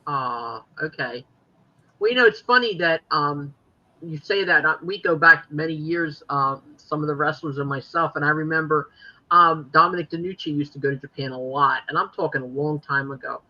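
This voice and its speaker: A man chatting casually on a podcast, animated and full of exclamations and questions, heard through dull lo-fi audio. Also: on the high side, normal speed.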